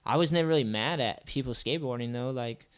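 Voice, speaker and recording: Man, podcast host, from the US, casual chat, rambling, swears a lot, middle-pitched voice. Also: fast, clean tone. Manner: rambling, loose and profane, full of "like" and "you know".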